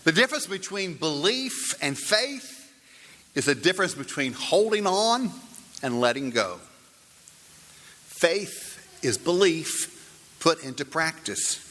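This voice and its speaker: Slow, bright-voiced preacher in a reverberant church. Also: male voice, a little high, big pitch swings. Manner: slow, deliberate storytelling delivery. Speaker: pastor. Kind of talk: sermon.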